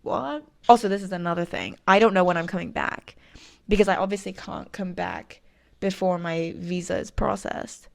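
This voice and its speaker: A woman's voice: on the low side, expressive, normal speed, vocal fry. A woman in her twenties telling a personal story as a casual vlog, chatty and full of fillers, speaking with a lisp from a missing tooth. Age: 20s. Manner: chatty, frequent "like" fillers, self-deprecating. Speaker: vlogger.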